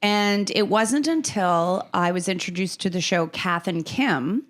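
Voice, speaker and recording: A woman comedian guesting on a podcast, telling stories in an animated way and laughing often. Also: lowish voice, unhurried. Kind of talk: casual interview chat.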